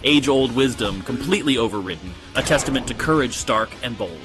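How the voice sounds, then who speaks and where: A man's voice: medium pitch, expressive, brisk, close to an everyday voice. A synthetic male voice playing a snide, pompous AI poet chatbot that recites verse and scoffs sarcastically, with game music behind. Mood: mock-grand. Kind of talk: synthetic chatbot voice reading viewer prompts.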